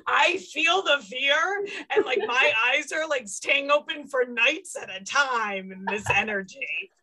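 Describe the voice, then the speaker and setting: Bright woman medium relaying quotes with laughter. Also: high-pitched, unhurried, rough recording. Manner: relays a spirit's words in lively quoted bursts, laughing often. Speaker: psychic medium guest. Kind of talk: casual podcast chat.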